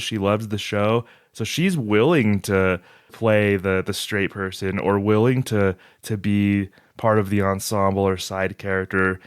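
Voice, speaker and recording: A man's voice: on the low side, dry recording, clean studio sound. A man hosting a podcast who chats casually and agreeably, often restarting his sentences. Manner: chatty, agreeable, with many restarts.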